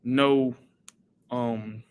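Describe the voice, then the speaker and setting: A man chats casually on his live stream, reacting to viewer comments with lively energy. His voice sits in a middle pitch for a man, and he keeps things loose and conversational while calling out names. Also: drawn-out words, a little hiss or hum. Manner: animated, reads viewer comments and gives shout-outs.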